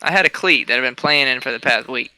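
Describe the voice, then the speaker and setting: Young male podcast co-host, bright smooth voice, close dry mic, animated storyteller. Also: mid-range voice, fast, dry recording. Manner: animated storyteller, laughs often. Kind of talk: casual chat.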